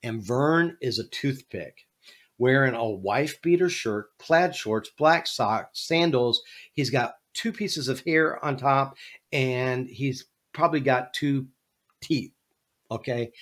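A man hosting a podcast, telling a funny story in an animated, jokey way. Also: mid-range voice, takes it slowly. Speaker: podcast host. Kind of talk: casual storytelling.

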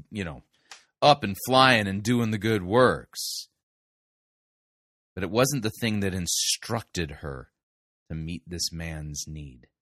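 A man reviewing a sermon in measured, pointed commentary, letting his voice drop low on key points. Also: fairly bright tone, dry recording, clean studio sound. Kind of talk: critical commentary.

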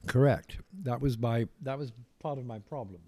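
An older man with a posh English accent, his voice mellow and dark, talking slowly and reflectively as an interviewed author. He often stops, restarts and circles back to a thought. The sound is close and dry, with no room around it. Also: medium pitch, no echo.

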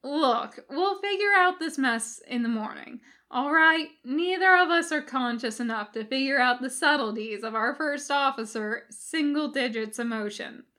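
A woman reading as Bones, a gruff exasperated doctor. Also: sits high, moderate pace, hardly any pauses, sharp tone, voice pushed up. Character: gruff grumbling male doctor, exasperated friend. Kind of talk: podfic fan fiction reading.

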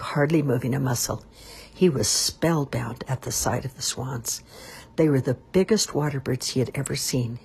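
Audiobook narrator: woman, expressive measured read-aloud, very breathy rasp. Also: a bass voice. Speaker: storyteller. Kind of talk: reading a children's novel aloud.

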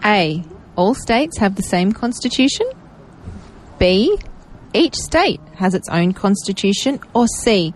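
A woman radio co-host with an Australian accent, reading quiz questions in a brisk, teasing manner. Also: medium pitch, lively intonation, a little hiss or hum, low-quality recording. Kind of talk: playful radio banter. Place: radio studio.

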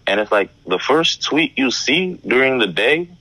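A man speaking as a guest in casual conversation, calm and reflective, with some slang. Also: mid-range voice, normal speed, dry recording, low-quality recording.

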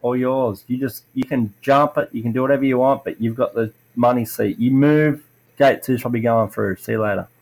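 Speaking a little fast in a medium-pitched voice, a middle-aged retired racer shares racing stories in casual podcast chat over a low-quality recording. He acts out quotes with animation and fills his speech with "like."

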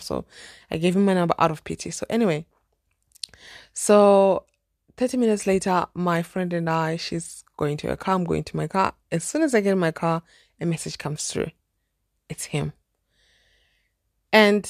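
A young woman from Zimbabwe with a Zimbabwean accent, hosting a podcast and telling a dating story in a chatty, animated, exclamatory way. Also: fairly low pitch, normal speed, long pauses, dry recording, studio quality. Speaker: podcast host. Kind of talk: casual storytelling monologue.

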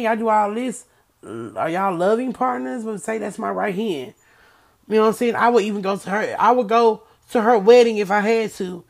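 Emphatic woman talking straight to viewers. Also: medium pitch. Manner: emphatic, repeats and stutters when excited. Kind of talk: casual talk to viewers, reading a book aloud.

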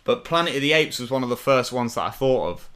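A young man talks through a casual podcast chat at an easy, relaxed pace. His voice is bright and forward, and he keeps it loose and friendly with slang. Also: mid-range voice, quick pace, smooth. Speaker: podcast co-host. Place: home, remote call.

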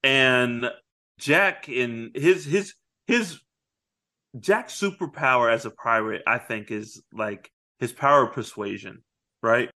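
Podcast co-host, male, mid-pitch, chatty recapper who drops into character voices. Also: sharp tone. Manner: retells scenes, acting out lines in quick voices. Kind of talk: casual movie review chat.

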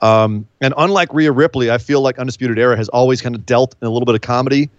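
Animated man chatting, lo-fi and dry. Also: medium pitch, no echo. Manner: animated, incredulous outbursts, quick asides. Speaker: podcast co-host. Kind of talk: casual wrestling chat. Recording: dull, lo-fi dry sound.

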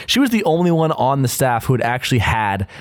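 A man's voice: mid-range voice, sing-song, brisk. A young man in his twenties, co-hosting a podcast in casual chat, rambling and swearing with many fillers and restarts. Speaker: podcast co-host.

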